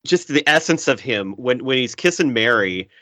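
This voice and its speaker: Lively, bright-voiced male podcast co-host. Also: medium pitch, moderate pace, no room sound. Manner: animated, acts out movie lines in big voices. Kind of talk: casual film chat.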